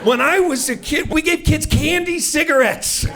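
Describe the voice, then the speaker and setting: Brash stand-up comic with a high voice. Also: male voice, normal speed, over music. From Seattle, USA. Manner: brash, mock-indignant, punchy rhetorical questions. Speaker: stand-up comedian. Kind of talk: stand-up comedy set. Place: comedy club stage before a live audience. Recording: loud crowd laughter and room noise.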